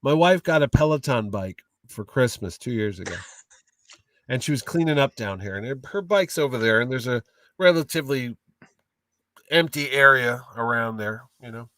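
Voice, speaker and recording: A man telling funny stories in a casual interview, an animated, jokey storyteller. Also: medium pitch, normal speed, no room sound, far from the mic. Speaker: guest, comic con owner.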